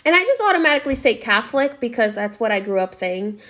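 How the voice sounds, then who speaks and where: Woman, spiritual teacher, casual story monologue, higher pitch, chatty with frequent check-ins. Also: big pitch swings, fast, bright, forceful tone.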